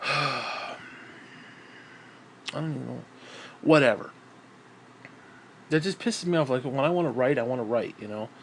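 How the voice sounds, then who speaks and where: A man's voice: mid-range voice, a little slow, pauses often, slight background noise. A man in a casual, meandering monologue about his writing, swearing freely and trailing off with fillers. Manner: profane, meandering, frequent fillers. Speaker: writer talking about his books.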